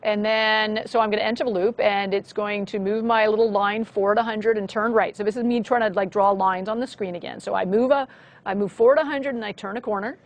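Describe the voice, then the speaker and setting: A woman's voice: medium pitch, fairly even intonation, fairly quick. A woman co-hosting a programming lesson on a live stream, explaining code steadily, one step at a time. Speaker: co-host, programming instructor.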